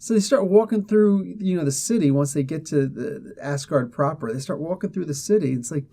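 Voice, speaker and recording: A man casually retelling a comic book story, animated and laughing, often slipping into the characters' voices. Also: a little high, brisk, creaky, few pauses.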